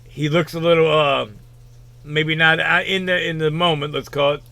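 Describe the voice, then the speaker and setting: A man's voice: a little high, level tone, moderate pace, gravelly, noisy background. A man giving rambling, casual reaction commentary on a video, full of fillers and the odd swear.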